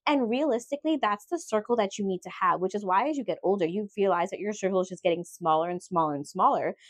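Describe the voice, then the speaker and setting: A woman's voice: medium pitch, fast, no room sound, clean studio sound. A woman co-hosting a podcast in casual chat, talking candidly and chattily with playful asides. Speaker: podcast co-host.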